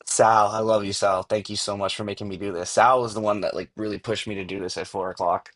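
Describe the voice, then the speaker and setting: A man's voice: fairly low pitch, steady tone, quick pace, fairly bright tone. A man hosting a casual livestream, rambling in slang and saying "bro" often, talking through earbuds. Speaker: livestream host. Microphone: earbuds mic.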